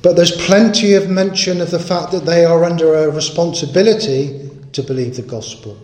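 A man's voice: on the high side, steady tone, moderate pace, a little mellow, reverberant. A man preaching a sermon in an earnest, emphatic way, stressing and repeating his key points.

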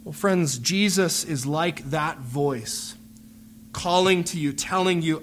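A man preaching a sermon, earnest and measured, pleading with his listeners through repeated phrases. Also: fairly high pitch, fairly bright tone, a little hiss or hum.

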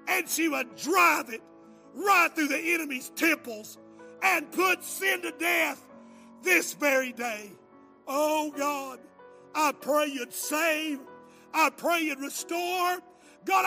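Here an older man with a very high voice preaches and prays at a revival with deep passion. His delivery swings from hushed to shouting, and emotion makes his voice break.

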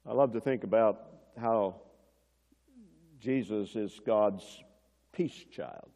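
A male preacher delivering a sermon, swinging between loud emphasis and hushed moments, and asking the congregation questions like a teacher. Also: medium pitch. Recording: dull sound, long church reverb.

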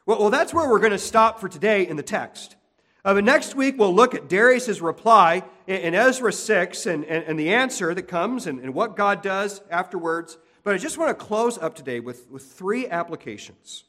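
An earnest male pastor delivering a sermon, repeating his main points and restarting phrases as he goes. His voice sits slightly high for a man, and long reverb trails off every sentence. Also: lively intonation, normal speed, sharp tone. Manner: earnest, repetitive emphasis with frequent restarts.

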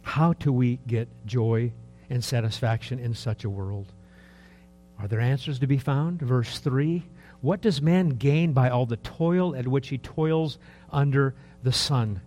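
A man in his early sixties preaching a sermon in a conversational, rambling way, full of rhetorical questions, dropping to soft asides and rising for emphasis. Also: medium pitch, unhurried, slight background noise. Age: 60s. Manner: lively, swings between soft asides and raised emphasis. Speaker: pastor.

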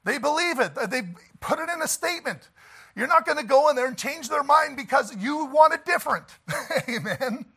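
Man, pastor, high animated voice, folksy emphatic preaching. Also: normal speed, vocal fry. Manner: emphatic, folksy preaching with frequent laughs and "Amen?". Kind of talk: sermon.

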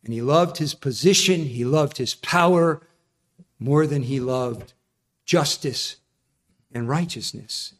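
A man's voice: mid-range voice, slow pace. Earnest male preacher. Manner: earnest, emphatic, explanatory. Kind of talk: sermon.

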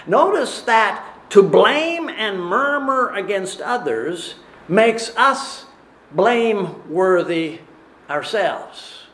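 A man preaching a sermon in a measured, deliberate way, often asking rhetorical questions. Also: sits high, lively intonation, a bit bright, roomy sound.

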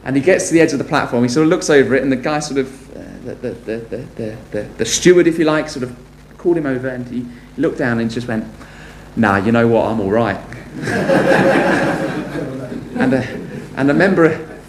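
A man preaching a sermon earnestly, moving between brisk storytelling and slow, weighty appeals. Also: mid-range voice, slight background noise. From Britain. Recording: echoey room.

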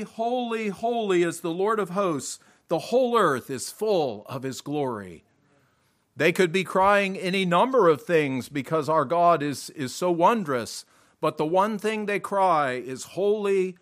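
Male preacher, high and very lively pitch, deliberate emphatic delivery with repetitions. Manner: slow, emphatic, repeats words and restarts, clears throat. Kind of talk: sermon.

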